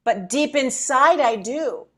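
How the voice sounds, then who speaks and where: The middle-aged podcast co-host talks slowly in a high-pitched voice, casual yet emotional and at times near tears. She brings her stories to life by acting out the thoughts she had.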